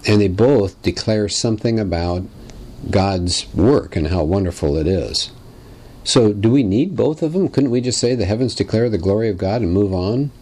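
A man's voice: lowish voice, lively intonation, moderate pace, darkish tone. A man teaching a lesson on biblical poetry, asking wry rhetorical questions in a conversational way. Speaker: Bible teacher.

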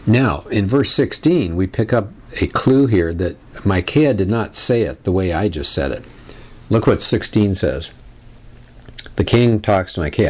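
Deep-voiced man teaching a Bible lesson. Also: lively intonation, unhurried. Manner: casual, conversational, with frequent fillers.

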